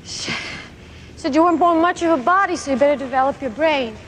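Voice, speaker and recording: An actress playing a timid young woman in a film scene, speaking softly and hesitantly. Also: high voice, fairly quick, long reverb tail, a little hiss or hum. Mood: shy.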